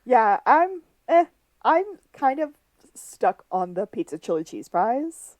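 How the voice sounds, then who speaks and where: A woman's voice: on the high side, very animated, takes it slowly, dry recording. A woman co-hosting a podcast, chatting casually as she recaps a TV episode and retells its scenes. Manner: chatty, laughs often, retells scenes with quoted lines. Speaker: podcast co-host.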